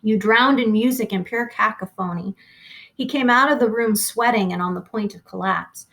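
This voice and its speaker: A woman reading a novel aloud, expressive and slowing down on key phrases. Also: medium pitch, gravelly. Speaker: reader.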